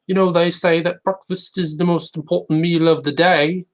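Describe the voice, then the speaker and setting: A man doing a put-on British accent, slowly delivering deadpan one-liners. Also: a little high, pitched above the performer's own voice, natural voice. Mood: mock-posh. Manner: slow, drawn-out, deadpan joke delivery.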